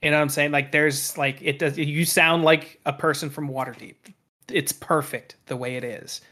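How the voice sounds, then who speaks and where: A man's voice: fairly high pitch, steady tone, normal speed, sharp tone. A man in casual podcast chat, rambling with lots of fillers and casual swearing.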